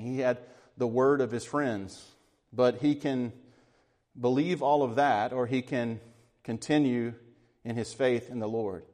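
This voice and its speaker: A man preaching a sermon with a voice of middling pitch. He talks in an earnest, reflective way and sometimes sinks to a hushed tone. The voice rings with the long reverb of a large hall. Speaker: pastor.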